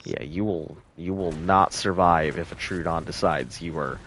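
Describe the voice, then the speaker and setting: Low-voiced male streamer, casual, mutters under his breath as he plays. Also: normal speed, a little hiss or hum. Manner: mutters quietly to himself while playing. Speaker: game streamer. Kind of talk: casual gameplay chat.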